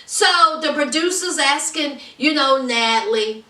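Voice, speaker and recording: A woman's voice: high-pitched, a little slow, echoey room, recorded from a distance. A woman recapping a reality show in casual, gossipy commentary, acting out what people said. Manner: animated, gossipy, acts out quotes. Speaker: reality TV reviewer.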